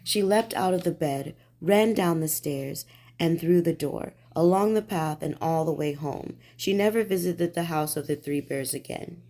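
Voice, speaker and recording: A woman reading a bedtime storybook aloud in a gentle, soothing way. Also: deep voice, moderate pace.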